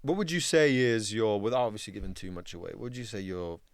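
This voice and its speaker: A man's voice: lowish voice, quick pace, smooth, no echo. A man co-hosting a podcast in a laid-back casual way, swearing casually. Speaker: podcast co-host.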